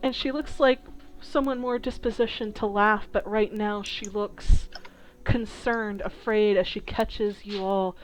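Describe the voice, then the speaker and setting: A woman narrating a tabletop game as dungeon master, describing scenes slowly with small hesitations. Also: medium pitch, fairly even intonation, low-quality recording.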